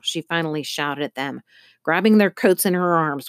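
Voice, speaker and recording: A woman narrating a children's story in an expressive, measured way. Her voice is low-pitched, and the recording is dry and close. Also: clear, resonant tone, no room sound. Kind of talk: audiobook narration.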